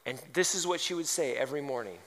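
A man's voice: mid-range voice, fast, heavy background noise. A man preaching a sermon, firing off rhetorical questions and telling humorous stories. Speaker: pastor. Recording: long hall reverb.

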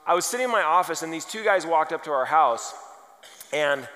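A man preaching a sermon, telling funny stories and building to loud, emphatic points. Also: on the high side, fairly quick. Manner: animated, humorous, rising to loud emphasis. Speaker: pastor. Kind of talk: sermon with storytelling. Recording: reverberant large hall.

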